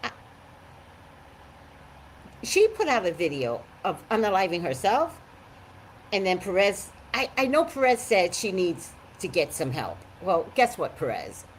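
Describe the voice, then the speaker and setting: A woman psychic chatting on a live stream, greeting viewers by name and giving her blunt, animated opinions. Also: lowish voice, a little slow, long pauses, a little hiss or hum, low-quality recording.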